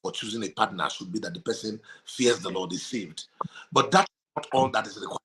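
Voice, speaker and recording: A man's voice: lowish voice, fairly quick, pushed and bright. A man, a pastor and marriage counselor, teaching about marriage in conversation and repeating key phrases for emphasis.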